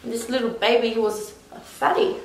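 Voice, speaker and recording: A woman's voice: on the high side, fairly even intonation, normal speed, a little hiss or hum. A young woman casually telling a personal story as a vlogger, rambling with lots of "like". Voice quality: rambling, full of "like". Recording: echoey room.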